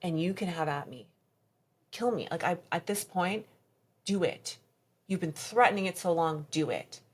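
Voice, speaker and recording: A woman as a podcast guest recounting a personal story in conversation, halting and reenacting past dialogue. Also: lowish voice, slightly rough.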